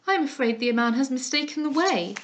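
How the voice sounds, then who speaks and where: Frightened genteel young lady, voiced by a woman narrator: high, breathless, pleading. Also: expressive, brisk, a little hiss or hum. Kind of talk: dramatized audiobook reading.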